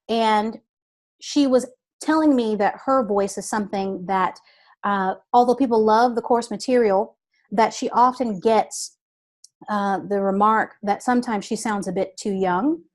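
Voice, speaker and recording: A woman voice coach explaining exercises in a deliberate, patient way. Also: mid-range voice. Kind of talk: instructive interview talk.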